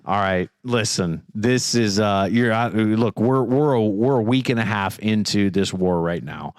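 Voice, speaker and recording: A man's voice: fairly low pitch, measured pace, no echo, studio quality. A man co-hosting a comedy podcast, joking and laughing often, with frequent restarts. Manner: laughs a lot, jokey, rambling restarts. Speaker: podcast co-host. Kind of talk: casual comedic chat.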